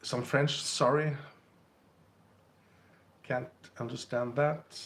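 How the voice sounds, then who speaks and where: A man hosts a casual livestream, talking slowly with a gravelly edge to his voice. He muses aloud, pauses often, and repeats words while reading viewers' messages. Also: mid-range voice, steady tone, fairly bright tone. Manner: musing, hesitant, repeats words, reads chat aloud. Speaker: livestream host. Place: indoors, Krakow.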